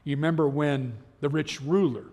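Gravelly middle-aged man teaching in a hall. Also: a little high, normal speed. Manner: animated storytelling, acting out quoted voices; chuckles as he talks. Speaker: Bible teacher. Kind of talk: teaching a Bible class. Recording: long hall reverb.

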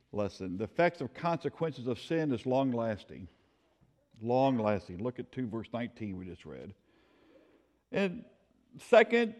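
A man's voice: medium pitch, long reverb tail. A man leading a church Bible study, telling stories and laughing often as he teaches. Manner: animated, storytelling, laughs often.

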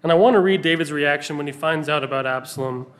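A man preaching a sermon, earnest, pausing for emphasis as he reads scripture aloud. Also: fairly high pitch, a bit bright.

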